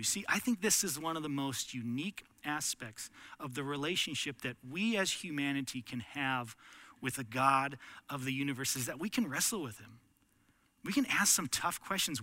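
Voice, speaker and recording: A man's voice: a little high, sharp tone, dry recording. A man preaching a sermon, earnest, rising to impassioned pleading as he voices prayers. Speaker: pastor.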